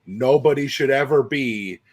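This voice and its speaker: A man's voice: medium pitch, a little slow. A man co-hosting a sports podcast, talkative in casual analysis, often hedging and restarting his sentences. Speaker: podcast co-host.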